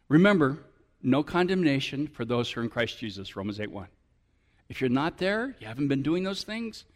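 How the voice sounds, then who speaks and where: Male pastor, high-pitched voice, sermon, emphatic, animated delivery. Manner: animated, rising to emphatic appeals.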